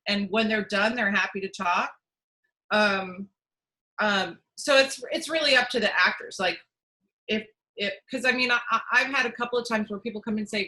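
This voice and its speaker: A woman's voice: mid-range voice, pushed and bright, poor audio. A woman working as a casting director, answering interview questions in a chatty way with many restarts and fillers. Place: at home.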